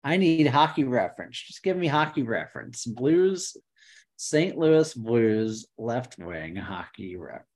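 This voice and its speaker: Animated, swearing male podcast host. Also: mid-range voice, measured pace. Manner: excitable, swearing, muttering while searching. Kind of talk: casual chat.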